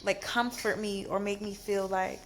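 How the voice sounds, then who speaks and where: A woman telling a storytime vlog from a hospital bed after surgery, animated and exasperated, in pain. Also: medium pitch, normal speed, a little hiss or hum. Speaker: vlogger.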